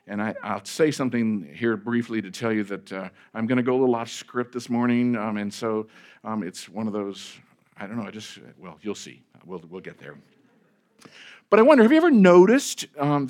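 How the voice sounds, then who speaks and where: A male pastor preaching a sermon in a conversational way, with fillers and restarts, stressing key phrases and letting sentence ends trail off quietly. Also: medium pitch.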